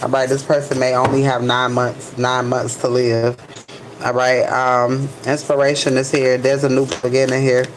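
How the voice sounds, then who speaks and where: A woman's voice: rumbling low, level tone, noisy background. A woman giving a casual tarot reading to camera. She peppers her talk with "all right" and stretches out single keywords as she turns cards. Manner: repeats "all right" constantly, drawn-out card keywords. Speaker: tarot card reader.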